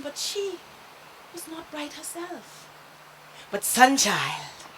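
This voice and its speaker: Woman reading a kids story, high voice, takes her time, hissy recording.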